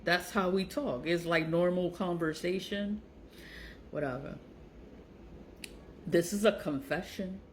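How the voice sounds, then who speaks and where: An online seller and vlogger reacts to text messages with casual, blunt commentary, sounding exasperated and mocking. Her voice is fairly low and even, slow, with long pauses. The recording is rough, with slight background noise.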